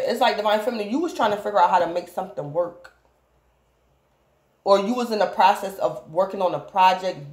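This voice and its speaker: A woman's voice: mid-range voice, darkish tone. A woman talks through a tarot spread in a loose, rambling way, circling back again and again to address her viewers. Her voice sits in an ordinary middle range. The room around her is echoey. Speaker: tarot reader. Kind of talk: casual tarot reading to camera.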